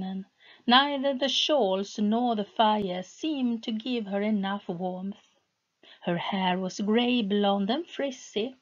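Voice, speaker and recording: A woman narrates a fantasy novel in a measured storytelling voice. Her pace is very slow and unhurried. The recording sounds a little dull and muffled. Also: mid-range voice. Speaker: audiobook reader. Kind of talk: scripted narration.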